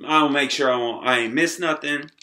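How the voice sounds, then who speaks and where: A man vlogging a profane sports rant to camera, full of slang and swearing, swinging from shouting to low muttering. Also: moderate pace. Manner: heavy swearing, streetwise slang.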